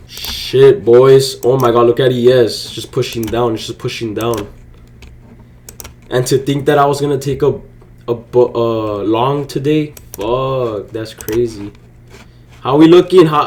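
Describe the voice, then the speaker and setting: A young man casually commenting on his day trades to viewers, slangy and excitable, swearing freely. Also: medium pitch, unhurried. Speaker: day trading vlogger. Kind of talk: casual live commentary while trading.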